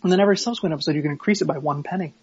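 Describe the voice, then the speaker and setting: A woman's voice: low voice, very fast, highs cut off, a loud crowd. A woman co-hosting a podcast in casual, rambling chat, joking and swearing freely. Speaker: podcast co-host.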